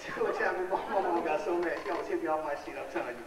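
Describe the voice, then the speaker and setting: A man's voice: fairly high pitch, very fast. A young man performing a stand-up comedy routine, rambling through stories and acting out the dialogue. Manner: rambling storytelling, acts out dialogue. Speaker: stand-up comic. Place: hall with live audience. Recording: echoey hall recorded from far off with a noisy crowd. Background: loud crowd noise and laughter.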